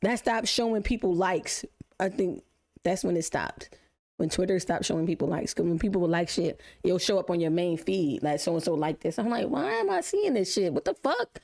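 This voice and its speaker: A woman with a fairly low voice speaks at a moderate pace while live-streaming a reaction video. She chats casually and tells stories with animation and laughter, swearing freely.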